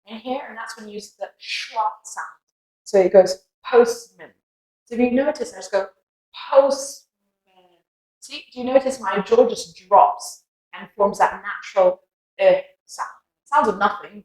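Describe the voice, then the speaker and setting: Young british woman teaching pronunciation, patient, says each word slow for you to repeat, bit of room echo. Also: mid-range voice, darkish tone. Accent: British English. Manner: patient, repeats words slowly for practice. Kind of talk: pronunciation lesson.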